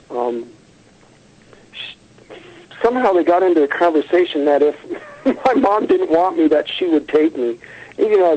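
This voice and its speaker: A man's voice: mid-range voice, highs cut off. A man recounting childhood encounters in an interview, earnest and rambling, with fillers and self-corrections. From United States.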